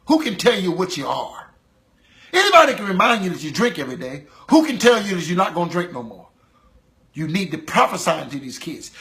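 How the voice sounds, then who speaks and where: A man preaching a sermon, impassioned, rhythmic and repetitive, swinging between loud calls and low intense passages.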